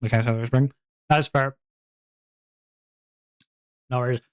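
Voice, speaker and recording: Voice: medium pitch, fairly even intonation, takes it slowly, smooth, dry recording, clean studio sound. A streamer in casual stream chat, playful and rambling, with frequent giggles, talking into a home streaming mic.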